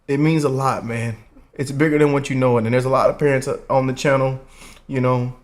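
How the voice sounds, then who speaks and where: A young man, talking through an emotional reaction commentary. His delivery is heartfelt and earnest, peppered with "man" and "y'all". His voice sits at an ordinary middle pitch. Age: 20s. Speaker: reaction channel host.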